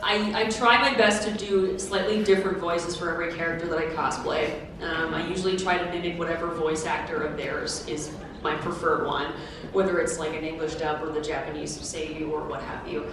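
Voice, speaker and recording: A woman's voice: low-pitched, fairly even intonation, a little fast. A young woman answering audience questions at a convention panel, chatty and laughing, with many fillers and restarts. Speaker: cosplayer taking audience questions. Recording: echoey hall, distant mic, noisy.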